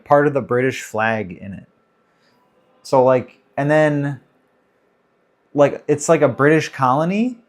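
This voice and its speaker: A man in his thirties hosting a casual livestream Q&A, chatting loosely and greeting viewers by name as he reads the chat. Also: mid-range voice. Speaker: livestream host.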